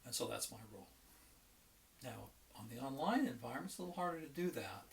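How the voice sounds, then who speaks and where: A man's voice: mid-range voice, lively intonation, quick pace, gravelly, distant mic, a little hiss or hum. A man who is an economics professor, giving an informal, folksy online lecture with many fillers and restarts. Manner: chatty and folksy, tells jokes with acted quotes.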